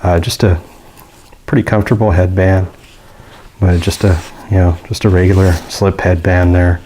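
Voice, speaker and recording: A man's voice: deep voice, flat delivery, normal speed, mellow, a little hiss or hum. A man giving a casual, rambling product review with many fillers and restarts. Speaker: gear reviewer.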